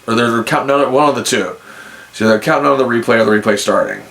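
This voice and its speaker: A man's voice: medium pitch, quick pace, gravelly. A man hosting a podcast, telling a story in a casual way and acting out both sides of a phone call. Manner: animated, acts out both sides of phone calls. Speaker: podcast host.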